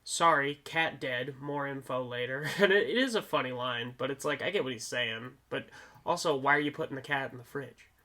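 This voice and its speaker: A man's voice: mid-range voice, a little fast. A man co-hosting a podcast, casually recapping a movie and acting out the characters' lines as he goes. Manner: animated retelling of scenes, acting out lines. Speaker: podcast co-host. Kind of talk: casual movie review chat.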